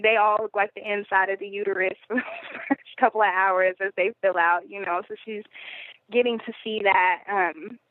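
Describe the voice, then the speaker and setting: A woman's voice: mid-range voice, steady tone, normal speed, no room sound. A woman as a podcast guest, telling a personal story in a rambling, conversational way with many fillers. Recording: phone-like narrow audio.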